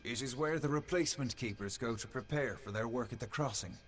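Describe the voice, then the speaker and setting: A man's voice: mid-range voice, fairly quick, noisy background, natural voice. A man voicing an ancient, stately fae keeper. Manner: formal, stately. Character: ancient male fae keeper, formal and wary. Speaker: quest giver. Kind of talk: game dialogue.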